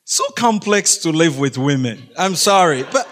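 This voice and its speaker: A man's voice: on the high side, lively intonation, unhurried, few pauses, a bit bright. A middle-aged man giving a humorous faith talk to a school audience, chatty and laughing, often asking the listeners questions. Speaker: guest speaker.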